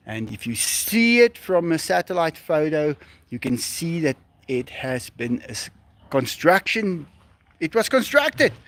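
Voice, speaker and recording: A man with a South African accent, Afrikaans his first language, chatting animatedly to livestream viewers beside an animal enclosure. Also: on the high side. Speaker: livestream host. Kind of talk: casual livestream chat.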